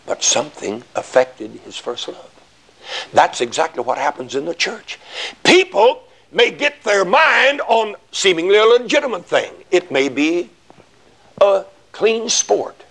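Gravelly preacher man, shouting in bursts. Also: high-pitched, big pitch swings, unhurried. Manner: folksy, rises to shouting emphasis, acts out little dialogues. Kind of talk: sermon.

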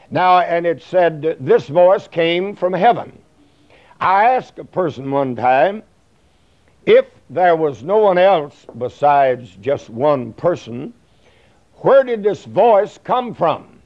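A man preaching a sermon in a folksy, rambling way, full of fillers and plain talk. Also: fairly high pitch. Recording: dull lo-fi recording.

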